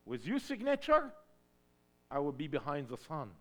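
Impassioned high-voiced man from Egypt preaching. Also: wildly swooping pitch, moderate pace. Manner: emphatic, swings from hushed to shouting. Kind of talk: sermon testimony.

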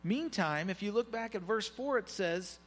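A male pastor giving a conversational sermon, animated and joking asides with his congregation. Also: high-pitched, moderate pace. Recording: long reverb, faint music behind.

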